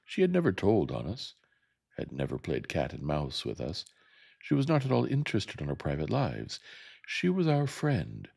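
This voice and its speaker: Deep gravelly man reading softly. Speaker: narrator. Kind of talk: gentle audiobook reading.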